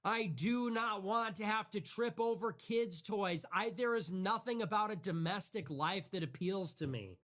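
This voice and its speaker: A man's voice: sits high, measured pace, few pauses, a bit bright. A man ranting in a livestream monologue, exasperated and sarcastic, in a clip played on another stream. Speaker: political streamer.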